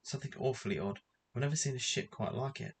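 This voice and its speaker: A man reading a storybook aloud, voicing a calm, sensible eldest boy who speaks in a steady, assured way. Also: mid-range voice, quick pace, slight background noise, natural voice.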